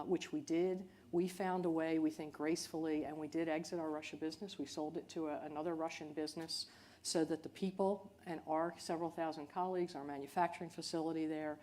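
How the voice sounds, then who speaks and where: A woman speaking as a company chief executive on a panel, in a measured, earnest way. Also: low-pitched, steady tone, mellow. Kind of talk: panel discussion.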